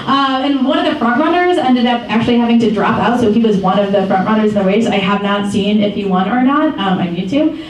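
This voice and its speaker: A woman's voice: medium pitch, a little fast. Chatty young woman in an echoey hall. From Michigan. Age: 20s. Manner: chatty, animated storyteller with many ums and laughs. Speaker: founder giving a talk. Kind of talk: casual public talk. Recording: echoey far-off room mic with faint noise.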